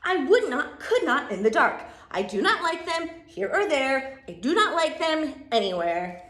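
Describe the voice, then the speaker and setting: A woman voicing a stubborn, defiant man who refuses loudly and emphatically during a storybook reading. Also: high voice, very animated, a little slow, full character voice. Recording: echoey room, distant mic.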